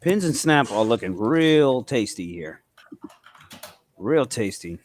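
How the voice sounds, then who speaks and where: A man's voice: medium pitch, big pitch swings, takes it slowly, a little hiss or hum. A man with a New England accent hosting a live trading stream, bantering casually, swearing freely and reading chat messages aloud. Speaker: livestream trading host.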